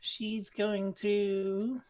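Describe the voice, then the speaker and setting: A woman acting as game master, calmly narrating enemy moves in a live-streamed tabletop game. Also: medium pitch, very slow. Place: home streaming setup.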